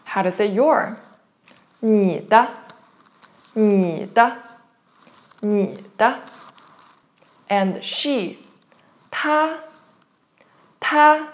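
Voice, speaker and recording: A woman's voice: medium pitch, extremely slow, pauses often, darkish tone. A woman teaching a lesson, patiently saying each word twice for the learner to follow. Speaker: Chinese language teacher. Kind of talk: online language lesson.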